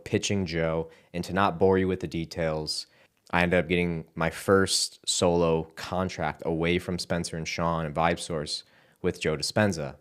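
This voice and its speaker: A young man giving a halting, emotional personal testimony, close to tears, with casual fillers and sighs. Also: low-pitched, clear, resonant tone. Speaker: content creator sharing his testimony.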